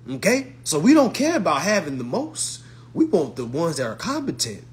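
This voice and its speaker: A social media commentator delivers a profane, mocking monologue to his followers, full of blunt slang and repeated retorts. His voice is high-pitched with big swings in pitch, and he speaks at a moderate pace.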